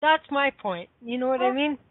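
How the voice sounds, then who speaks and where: A woman's voice: high voice, moderate pace, dry recording. Rambling woman on a tinny phone line. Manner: rambling, many fillers and restarts. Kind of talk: casual chat.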